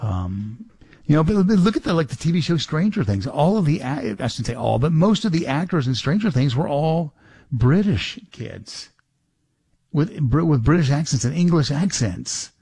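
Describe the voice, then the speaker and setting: A man's voice: fairly high pitch, sing-song, normal speed, creaky, mellow, husky, dry recording. A middle-aged man hosting a talk radio show, rambling casually with many restarts and fillers.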